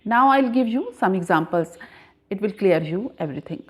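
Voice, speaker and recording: A woman teaching a grammar lesson, explaining slowly and repeating points, with frequent pauses. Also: mid-range voice, animated. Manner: slow, deliberate, repeats points with many "uh" pauses. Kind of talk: classroom lesson explaining syllables.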